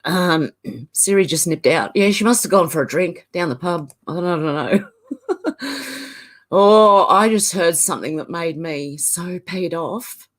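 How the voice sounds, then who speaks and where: A woman with a lowish, expressive voice keeps a measured pace as she hosts a casual chat stream from her home, a filing cabinet beside her. She speaks with an Australian accent, coughs like a smoker, laughs often, and says hello to viewers by name.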